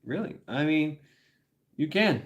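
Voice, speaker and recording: A man's voice: a little high, expressive, slow. Middle-aged guy rambling on his stream, swears a lot, keeps laughing at his own stories. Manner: rambling, profane, laughs often. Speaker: livestreamer. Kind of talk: casual livestream chat.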